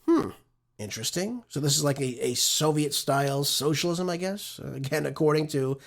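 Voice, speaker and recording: A male talk show host with a somewhat high-pitched voice, speaking off the cuff in an opinionated, conversational way. He often ends his points with a quick "right?" to pull the listener along. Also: lively intonation, vocal fry. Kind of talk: conversational political commentary.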